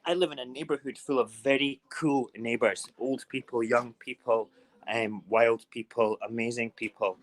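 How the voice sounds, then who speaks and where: A man's voice: medium pitch, steady tone, moderate pace. A man hosting a casual morning live stream, chatting loosely to viewers and rambling through stories while making breakfast.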